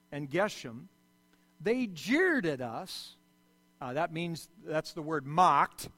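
A man delivers a sermon in a high, light voice, rising to loud emphasis and sinking to quiet asides. His voice is clean up close, yet the hall around him rings with a long reverb. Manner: preaching with sudden swells and drops in loudness. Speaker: pastor.

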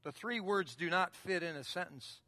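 A man's voice: sits high, expressive, normal speed, bright, forceful tone. A man preaching a sermon as pastor, in a conversational style that keeps repeating key phrases, heard in a church sanctuary. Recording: long reverb of a large hall.

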